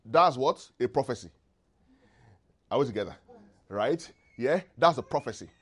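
A male preacher delivering a sermon with a voice that swoops up and down, full of expressive rises and falls. He keeps checking in with his listeners and leaves gaps in the verses for them to call back the missing word. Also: mid-range voice, normal speed, breathy edge. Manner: call-and-response, asks congregation to finish verses.

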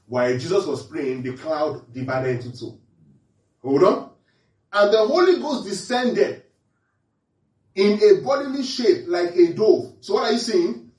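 Animated preacher man, echoey and distant. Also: high voice, a little slow, long pauses. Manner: quizzes listeners with repeated questions, animated. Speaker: pastor. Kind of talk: interactive Bible teaching sermon. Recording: echoey room, mic at a distance.

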